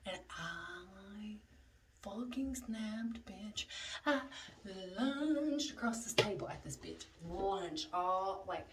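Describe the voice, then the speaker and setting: A woman's voice: medium pitch, big pitch swings, slow pace. A young woman telling a casual storytime, chatty and profane, dropping into whispers for asides. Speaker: vlogger. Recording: slightly distant mic, faint noise.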